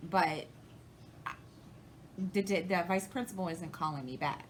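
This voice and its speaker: A woman's voice: on the low side, measured pace, pauses often, a little hiss or hum, low-quality recording. Rambling woman telling a story. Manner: rambling, retells conversations, many restarts. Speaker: crafting channel host. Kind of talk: casual storytelling to camera.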